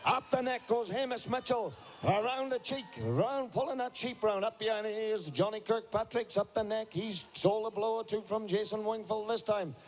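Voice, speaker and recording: Male commentator, high voice, colorful, lively play-by-play. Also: moderate pace. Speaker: shearing commentator. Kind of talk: live sport commentary.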